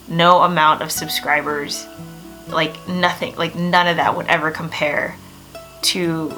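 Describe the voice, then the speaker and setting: Young woman vlogger, bright forceful voice, lowish, gushy and excitable, soft music under. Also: rough recording. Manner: excitable, gushing, many filler words. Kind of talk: casual vlog monologue.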